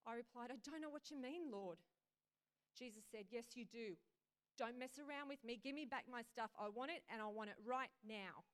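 A woman's voice: fairly high pitch, lively intonation, moderate pace, pauses often, a little mellow, lightly acted. A woman voicing Jesus as a firm, insistent man while reading a dream story aloud in a sermon. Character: stern then joyful male Jesus, insistent.

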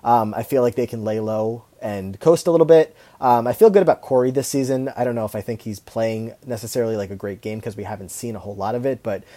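A man's voice: medium pitch, fast talker, hardly any pauses. A man co-hosting a podcast, chatting casually about a reality show with lots of fillers and restarts. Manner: relaxed, rambling with many fillers. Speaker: podcast co-host.

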